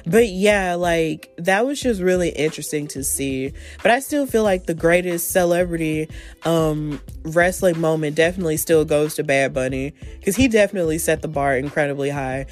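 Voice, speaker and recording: A woman hosting a solo wrestling podcast, recapping events in a casual, excitable storytelling manner full of slang. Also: deep voice, normal speed, soft background music. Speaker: podcast host.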